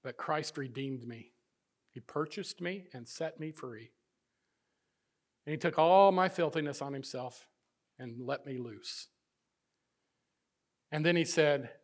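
A middle-aged man preaching a sermon as pastor, swinging between loud emphasis and hushed, intimate passages. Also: mid-range voice, unhurried, long pauses.

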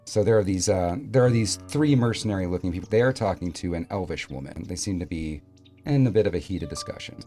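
A man narrating as game master in a relaxed, halting way with many fillers. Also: low-pitched, faint music behind.

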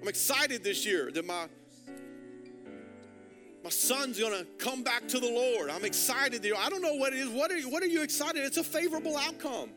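A man's voice: extremely high pitch, normal speed, music in the background. A male pastor preaching a sermon, urging the congregation on with repeated calls to write things down. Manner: urgent, repetitive exhortation with call-and-response.

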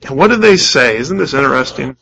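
A man's voice: mid-range voice, animated, a little fast, vocal fry, sharp tone, breathy edge, low-quality recording. A man preaching a sermon, emphatic and repeating key phrases, with rhetorical questions to the congregation. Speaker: pastor.

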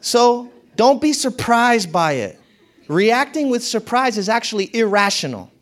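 A man speaking to an audience in a motivational talk. He is conversational and laughs often, dropping to low murmurs and then rising to excited peaks. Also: measured pace.

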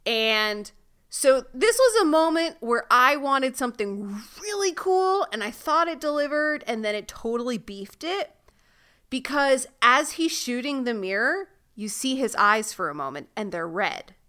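A woman's voice: high voice, expressive, measured pace, bright, forceful tone. A woman co-hosting a podcast, recapping a TV episode in casual chat with playful, sarcastic asides. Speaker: podcast co-host.

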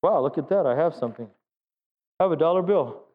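This man preaches quickly and expressively in a fairly high voice, giving a sermon in a church sanctuary. He converses with the congregation and poses questions to them. The recording is lo-fi and dull, with a long reverb from the hall.

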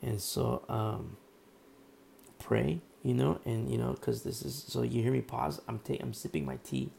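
Hoarse, gravelly male preacher. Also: mid-range voice, lively intonation, unhurried, a little mellow, a little hiss or hum. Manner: conversational, rambling, full of fillers and asides. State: hoarse, throat worn out. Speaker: pastor. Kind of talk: casual expository sermon.

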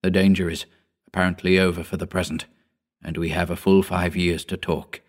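A man voicing a tired, deep-voiced old astronomer. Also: little pitch movement. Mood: grave. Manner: gentle, grave and measured. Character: tired older male astronomer, calm and grave.

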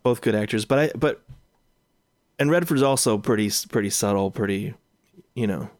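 A man with a somewhat low voice chats loosely about an old film. He thinks out loud, trails off and checks facts with his co-hosts. The sound is dry and close, with no room around it. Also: moderate pace, dry recording. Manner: chatty, musing, trails off and asks questions. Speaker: podcast co-host. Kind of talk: casual film discussion.

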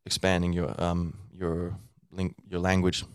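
Speaking in a low, smooth, completely flat voice, a podcast host takes his time through a casual teaching monologue. He rambles with lots of fillers and restarts and acts out a learner's inner thoughts. It's studio quality with no echo.

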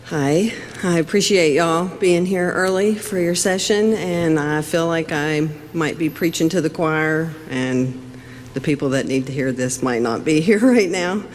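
A woman speaks at a public hearing, earnest and a little halting. She quotes scripture, and her voice carries a long echo from the hearing room. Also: low voice, a little hiss or hum. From West Virginia. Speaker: public commenter at a legislative hearing. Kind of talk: public testimony.

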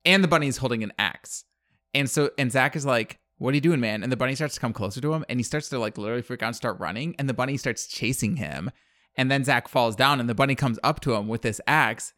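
A man's voice: medium pitch, quick pace, fairly bright tone, no room sound, clean studio sound. A man telling a movie plot in casual chat, rambling with lots of fillers and acted-out quotes. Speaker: podcast co-host.

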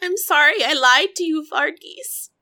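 A woman's voice: high-pitched, animated, measured pace, pushed and bright, heavily acted. A woman voicing Mercy, an anxious, apologetic young woman on a ship. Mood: pleading. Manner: pleading, apologetic.

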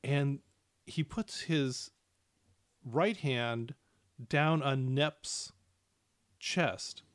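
A man's voice: medium pitch, drawn-out words, no room sound, clean studio sound. A man narrating as game master for a tabletop game, hesitant with many fillers and restarts.

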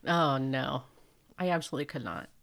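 A woman's voice: very deep voice, animated, brisk, vocal fry, fairly bright tone. A woman co-hosting a podcast, chatting casually and dropping dry, profane asides. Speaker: podcast co-host. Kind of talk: casual chat.

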